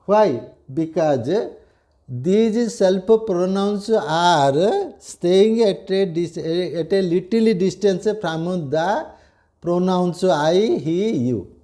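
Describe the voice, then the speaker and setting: A man's voice: sits high, lively intonation, drawn-out words, dark tone. An older man with an Odia accent, a retired headmaster giving a classroom grammar lecture, repeating key phrases and checking that students understand. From India.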